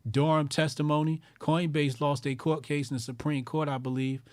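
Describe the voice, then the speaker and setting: A man hosting a call-in show, ranting in loud, profane, mocking bursts and repeating lines for emphasis. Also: on the high side, little pitch movement, moderate pace, no room sound.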